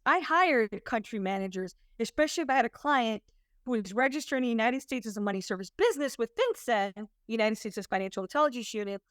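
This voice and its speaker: A compliance consultant presents to an audience, telling stories in an emphatic, conversational way. Her voice is a little high, fairly bright, clear and resonant. The recording is clean studio sound with no room sound.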